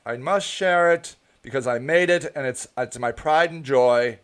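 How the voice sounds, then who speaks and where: A man hosting his own show, giving heated, profane political commentary that often breaks into shouting. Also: medium pitch, measured pace, clean tone. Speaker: show host.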